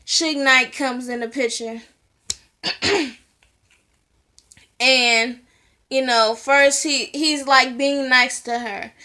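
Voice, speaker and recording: Woman, high voice, unhurried, casual profane movie recap. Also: pushed and bright. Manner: chatty, profane storytelling with frequent "you know". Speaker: movie reviewer.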